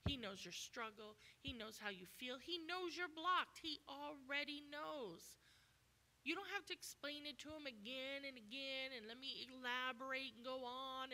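A woman's voice: high-pitched, pushed and bright. A woman guest preacher delivering a sermon with emphatic, repetitive exhortation.

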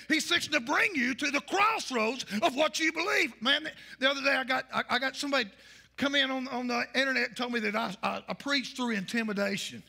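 A male pastor, preaching a fiery sermon and shouting his points. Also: extremely high pitch, gravelly, husky.

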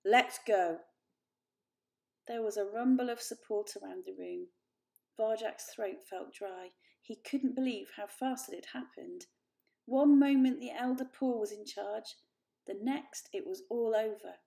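A woman calmly reading a children's book aloud. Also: a little high, gravelly. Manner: calm, measured narration. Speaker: storyteller.

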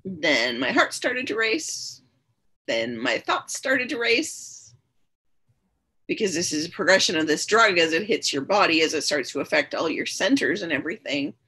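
A woman's voice: fairly low pitch, big pitch swings, moderate pace, pushed and bright, slightly rough. A woman guest on a podcast, telling her own story candidly and earnestly, often repeating her phrases for emphasis. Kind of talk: personal storytelling in conversation.

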